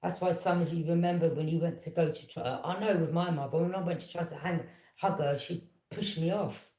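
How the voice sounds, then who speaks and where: A woman, telling a personal story in a casual, animated and indignant way, with quick "yeah?" asides. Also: fairly low pitch. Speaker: tarot reader. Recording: echoey room.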